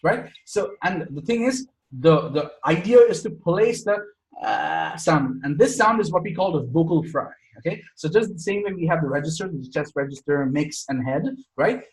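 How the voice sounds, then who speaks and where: A man's voice: a little high, animated, moderate pace, hardly any pauses, reverberant, low-quality recording. A man teaching an online singing lesson over a video call, chatty and forever checking in with "right?". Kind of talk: casual online music lesson.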